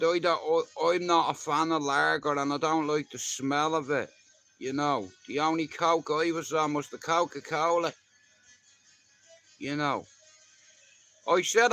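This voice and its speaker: Slow-talking Irish man chatting on a livestream. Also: on the high side, sharp tone, faint music behind. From Ireland. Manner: swears freely, rambling storyteller. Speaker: livestream host. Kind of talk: casual chat to live viewers.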